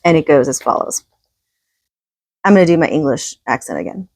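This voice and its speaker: A woman's voice: low-pitched, sing-song, fairly quick, creaky, darkish tone, no room sound. A woman reading from a book and commenting in a casual, opinionated, conversational way.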